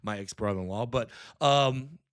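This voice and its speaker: A middle-aged man with a Southern accent telling an animated story in a casual panel chat, laughing often. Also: mid-range voice, normal speed, clean tone, no room sound, studio quality. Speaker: podcast co-host.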